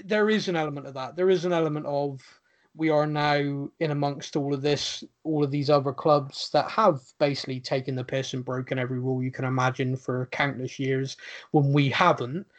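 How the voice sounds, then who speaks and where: On a relaxed podcast, a male host whose voice sits on the high side reads out questions from listeners. His answers are chatty, full of stammering restarts and frequent laughter, and the recording's highs are cut off.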